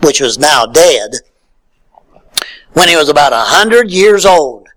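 A male pastor preaching a sermon in a folksy way, swinging from loud calls to near-whispered lines. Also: a little high, very animated, takes it slowly, pauses often, poor audio.

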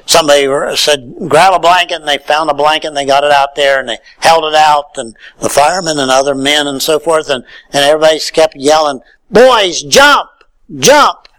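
A male pastor preaching a sermon in a folksy way, swinging from loud calls to near-whispered lines. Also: a little high, steady tone, brisk, few pauses, clear, resonant tone, low-quality recording.

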